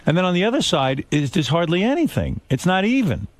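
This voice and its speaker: A man's voice: sits high, sing-song, fairly quick, no echo. A man hosting a radio talk show, teasing his guests and probing them with pointed questions in a studio. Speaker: radio host. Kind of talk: casual radio banter.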